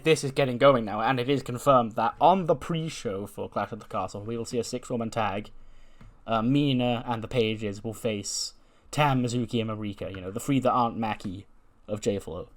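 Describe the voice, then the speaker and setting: A man casually narrating a wrestling simulation playthrough, chatty and full of fillers. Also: medium pitch. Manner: chatty, filler-heavy, laughs now and then. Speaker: game narrator.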